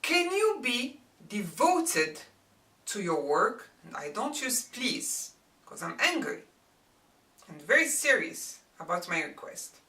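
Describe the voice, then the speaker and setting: A woman teaches a grammar lesson in a bright, clear voice that rises and falls a lot. She speaks slowly and carefully and works through each example. Her voice sounds a little distant, in a roomy space. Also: fairly high pitch, big pitch swings, slight background noise. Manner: deliberate, explains example sentences step by step. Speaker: Arabic teacher.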